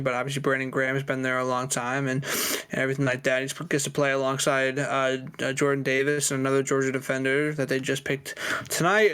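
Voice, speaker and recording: A man's voice: mid-range voice, fairly bright tone, smooth. A man co-hosting a sports podcast, leading the casual chat with loose, meandering commentary. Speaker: podcast co-host.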